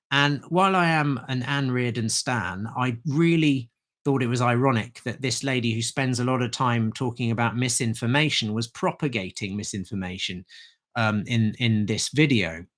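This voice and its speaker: A man's voice: medium pitch, fairly bright tone. A man, an herbalist, explaining herbal remedies in a chatty, informal livestream talk.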